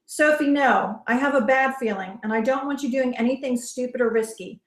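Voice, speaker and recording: A woman's voice: high voice, brisk, lightly acted. A woman reading the lines of a brooding young man who pleads with his partner not to take a risk, in an earnest, pleading way. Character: brooding young man, worried and protective lover. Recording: roomy echo.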